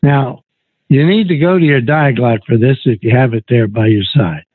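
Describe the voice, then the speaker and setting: A man leading a Bible study, reading scripture aloud and explaining it in a slow, deliberate way over a phone line. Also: medium pitch, slightly rough, no echo. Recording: tinny phone-line recording.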